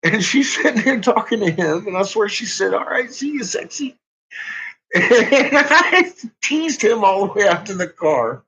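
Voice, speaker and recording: Giggly, bright-voiced storytelling dad. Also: male voice, high-pitched, very animated, a little slow, slightly rough. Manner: laughs constantly, swears freely. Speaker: father telling stories. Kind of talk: casual storytelling chat. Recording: dull lo-fi recording.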